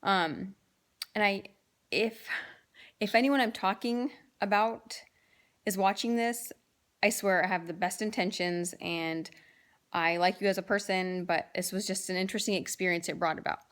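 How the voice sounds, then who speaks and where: A woman in her thirties talks casually to the camera as a vlogger, telling amused stories about her family with plenty of fillers and restarts. Her voice is medium-pitched and a bit bright, with fairly even intonation at a normal speed.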